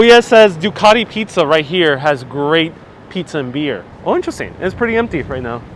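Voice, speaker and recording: With a high voice and slight background noise, the host strolls city streets on a live walking tour, chatting casually and reacting as viewer comments come in, filmed on a phone mounted on a handheld gimbal.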